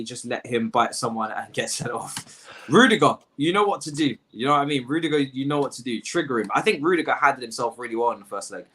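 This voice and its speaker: A young man hosting a casual chat and telling stories with plenty of laughter and acted-out quotes. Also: mid-range voice. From London. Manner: animated storyteller, acts out quotes, laughs often. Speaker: host.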